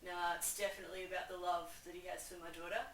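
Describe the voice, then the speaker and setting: A woman's voice: lowish voice, flat delivery, fast, a bit bright, reverberant, distant mic, slight background noise, rough recording. A woman putting on a smug older father, a busybody who talks in a self-satisfied, doting way.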